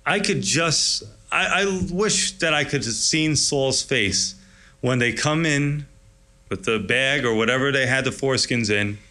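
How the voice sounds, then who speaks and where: A man's voice: mid-range voice, unhurried, bright, forceful tone. A man preaching a sermon in an enthusiastic, conversational, storytelling way. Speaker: pastor.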